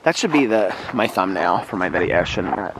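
A vlogger from Indiana walks outdoors in the snow, chatting casually with viewers, exclaiming and laughing often, recorded on a phone. His voice is deep with lively intonation at normal speed, and the background is noisy.

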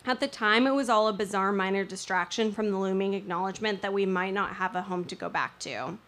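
A woman's voice: mid-range voice, fairly quick, a bit bright. A young woman telling a personal story on stage, with wry, self-mocking humor.

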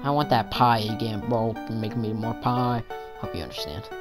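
A man's voice: on the low side, normal speed. A teenage boy doing casual gameplay commentary, with crude, playful, joking banter. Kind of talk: casual let's-play commentary. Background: game music.

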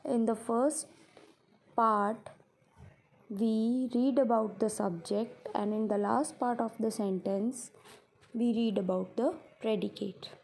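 Lady teacher, slow and careful, a bit high voice. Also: steady tone, gravelly, a little mellow. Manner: slow, explanatory, repeats examples step by step. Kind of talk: classroom grammar lesson.

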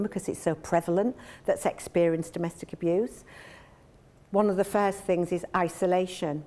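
A woman's voice: fairly low pitch, darkish tone. Earnest woman giving a training talk. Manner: earnest, explanatory, acts out quoted dialogue. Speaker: domestic abuse trainer and speaker.

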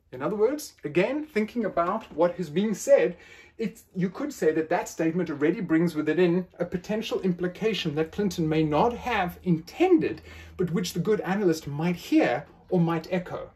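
A man's voice: on the high side, expressive, moderate pace, a little mellow, husky. A man lecturing in an academic style, playfully acting out quoted phrasings with questioning tones.

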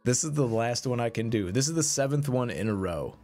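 A man streaming a mobile game, commentating his card pulls, swinging between excited hype and deflated mumbling. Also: mid-range voice, a little fast.

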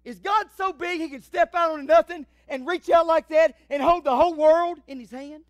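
A man's voice: very high voice, normal speed, no room sound, highs cut off, pitched above the performer's own voice. A man voicing a curious little girl who asks her mother questions in a wondering tone.

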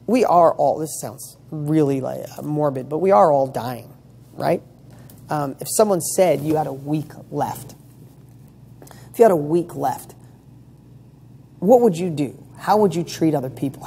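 A man's voice: on the high side, mellow, husky. A middle-aged man giving a blunt motivational talk, firing off one rhetorical question after another. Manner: emphatic, rapid-fire rhetorical questions; blunt, mild swearing. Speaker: motivational speaker.

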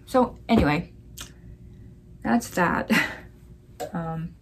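A woman's voice: medium pitch, very slow, slight background noise. A woman hosting a casual crafting vlog, chatty and rambling, with plenty of fillers as she talks. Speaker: crafting channel host.

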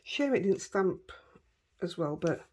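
A woman's voice: lowish voice, very animated, slow pace, a little mellow, husky. A middle-aged woman with a Yorkshire accent chatting casually as she crafts, talking to herself and her dogs as she works. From Yorkshire, England. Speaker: craft vlogger.

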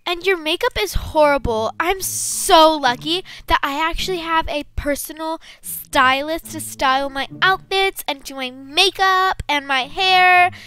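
Mean popular teen girl, played by a woman: high, bright, sneering game-roleplay voice. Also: a little slow, hardly any pauses. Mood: snobby. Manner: sneering, whiny valley-girl drawl. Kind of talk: game role-play voice acting.

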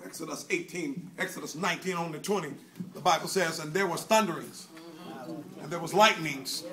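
A man preaching a sermon in a fiery call-and-response style, shouting at times and dropping low at others. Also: brisk, a crowd in the background.

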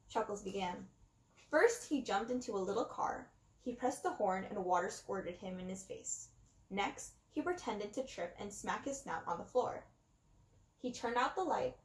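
A woman reading a children's book aloud, with expressive, dramatic pauses. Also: on the high side. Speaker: reader. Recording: roomy echo.

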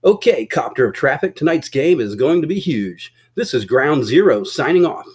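A man doing a brisk radio traffic announcer. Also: fairly high pitch, big pitch swings, a little mellow, slightly rough, voice pushed up. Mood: announcing.

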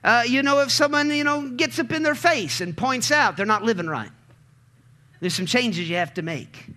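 A man preaching a sermon as pastor, calling out to the congregation and building to emphatic shouts. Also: very high voice, expressive, moderate pace. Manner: call-and-response preaching, swells to emphatic shouts.

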